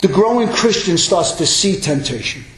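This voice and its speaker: Pastor, male, high voice, emphatic sermon delivery, echoey hall. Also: animated, normal speed. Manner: emphatic preaching that builds to loud exclamations.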